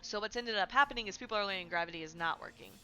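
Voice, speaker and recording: A woman's voice: medium pitch, rapid-fire, sharp tone, clear, resonant tone, faint music behind. A woman hosting a casual game news livestream from home, chatty, with lots of "like" and "right?". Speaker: livestream host. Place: home streaming setup.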